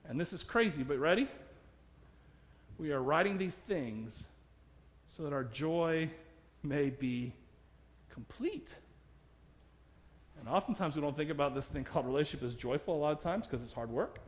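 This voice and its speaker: Man, preacher, sermon, self-deprecating jokes, frequent laughter, fairly high voice, reverberant church. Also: animated, moderate pace, pauses often. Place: church sanctuary.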